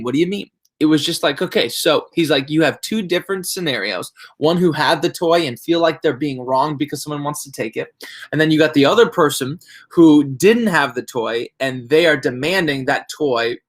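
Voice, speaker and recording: A young adult male pastor shares a casual devotional talk. He rambles animatedly, restarting sentences as he tells a story. His voice sits a bit higher than most men's. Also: fairly bright tone.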